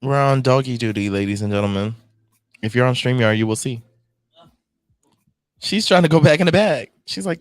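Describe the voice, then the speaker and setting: A young man co-hosting a podcast in relaxed chat, tossing in movie quotes and laughing asides. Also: medium pitch, normal speed, long pauses, no room sound. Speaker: podcast co-host.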